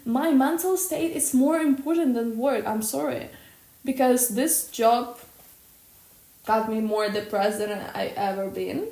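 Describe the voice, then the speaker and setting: Loud, blunt young woman vlogging. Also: on the high side, measured pace. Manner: loud, blunt and expressive, swears freely. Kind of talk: personal vlog monologue. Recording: echoey room.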